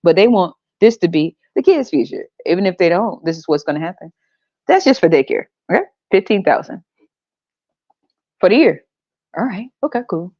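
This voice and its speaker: A woman's voice: on the low side, animated, normal speed, warm tone, dry recording, lo-fi sound. Blunt, sarcastic woman podcaster. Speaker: podcast host. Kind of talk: casual podcast rant.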